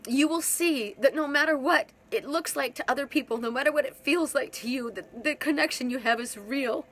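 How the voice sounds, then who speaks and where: A woman's voice: high-pitched, brisk, a bit bright. A woman giving a live spiritual talk as a reader, crying, earnest and emotional, often repeating her phrases. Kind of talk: live-streamed spiritual monologue.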